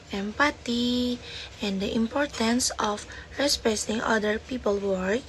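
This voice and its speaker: Slow, careful young woman student. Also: mid-range voice, a little hiss or hum, rough recording. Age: young adult. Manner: slow, careful, deliberate delivery, pausing between short phrases. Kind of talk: recorded pronunciation assignment.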